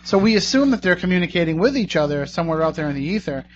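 A man's voice: high-pitched, very animated, racing. A man hosting a radio talk show in a casual, joking, conversational way. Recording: dull lo-fi radio recording.

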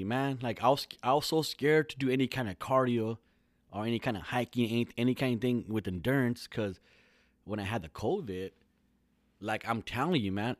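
A man's voice: mid-range voice, dry recording. A man in his thirties from California, talking alone in a casual, rambling, profane podcast monologue full of slang.

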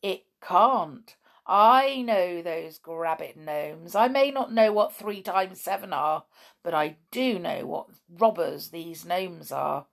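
A woman voicing a nervous but clever male pixie in a children's story, brisk and knowing. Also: fairly low pitch, expressive, vocal fry, full character voice. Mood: pleased.

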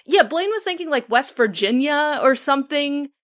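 A woman's voice: high-pitched, expressive, normal speed, a bit bright. A woman hosting a podcast in casual chat, chatty and enthusiastic, often restarting her sentences. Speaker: podcast host.

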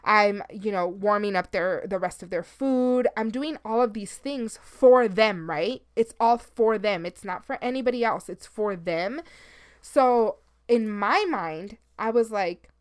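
Unhurried but with hardly any pauses, a medium-pitched woman in her thirties hosts her own casual podcast. She speaks openly, curses without restraint, and tosses in a Spanish phrase now and then while sounding sleepy and yawning.

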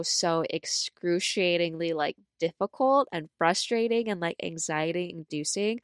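A young adult woman co-hosting a podcast in casual chat, full of fillers like "like" and "right?", telling stories with lively acted-out quotes. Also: clear, resonant tone, dry recording, studio quality. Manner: animated storyteller, acts out quotes with big pitch jumps. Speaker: podcast co-host.

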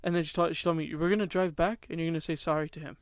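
A young man co-hosting a podcast, telling stories in quick, chatty casual talk. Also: fairly high pitch, fairly even intonation, dry recording, clean studio sound. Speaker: podcast co-host. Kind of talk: casual chat.

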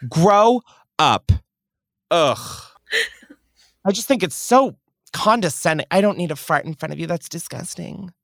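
A man's voice: fairly high pitch, expressive, normal speed, gravelly, a bit bright, dry recording, clean studio sound. A man hosting a podcast, answering callers' voice messages in a brash, profane, dramatic way. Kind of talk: casual advice chat.

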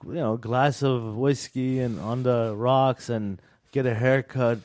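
A man's voice: medium pitch, fairly even intonation, takes it slowly, a little mellow, no room sound. A man co-hosting a casual conversation, joking and informal. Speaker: podcast co-host. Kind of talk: casual chat.

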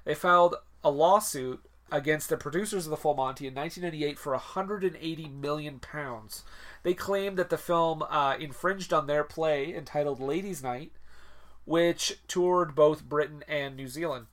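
Male podcast co-host, relaxed and hesitant, raised pitch, easy conversational delivery. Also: moderate pace. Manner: relaxed, rambling, hesitant with fillers. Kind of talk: casual film-discussion chat.

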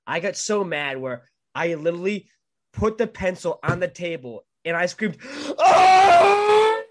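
A man co-hosting a podcast, telling a story in an animated way and swearing a lot. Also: a little high, normal speed, heavy background noise. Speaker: podcast co-host. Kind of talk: casual storytelling chat.

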